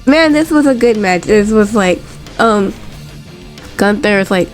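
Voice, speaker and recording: A woman talking casually and excitably on her own, recapping events with frequent swearing and laughter. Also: medium pitch, a little slow, faint music behind. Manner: chatty, excitable, swears freely, laughs often. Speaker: wrestling recap host.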